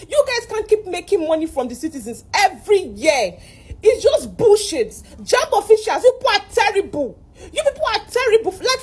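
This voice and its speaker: Shrill, distraught young Nigerian woman. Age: young adult. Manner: distraught, exclaiming, repeating herself. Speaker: exam candidate. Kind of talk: complaint video.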